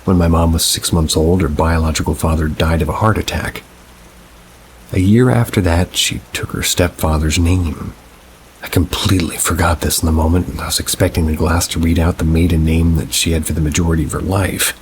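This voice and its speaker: A man reading first-person paranormal stories aloud in a measured, unhurried storytelling manner. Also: low voice, steady tone, a little hiss or hum, poor audio. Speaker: narrator.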